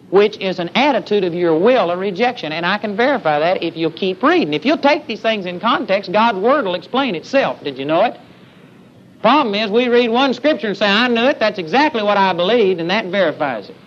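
A man's voice: high voice, big pitch swings, moderate pace. Emphatic preacher man, lo-fi recording. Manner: emphatic, calls out "amen?" to the congregation. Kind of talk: sermon. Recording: dull lo-fi sermon recording with faint hiss.

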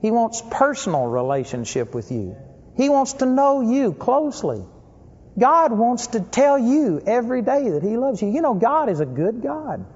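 A man preaching a sermon, emphatic, swinging between loud stressed phrases and low asides. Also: sing-song, normal speed, husky. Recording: lo-fi recording with long hall reverb.

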